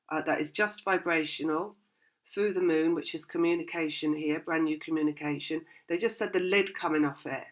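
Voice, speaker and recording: A woman with a deep, slightly bright voice gives a casual tarot reading that rambles along. She laughs often and acts out what her listeners might be thinking.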